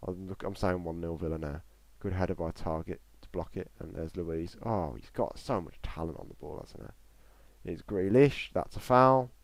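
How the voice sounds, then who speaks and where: A man's voice: low-pitched, normal speed, dry recording. A young man giving live, chatty football reaction commentary on a stream, rambling between play calls and chat replies.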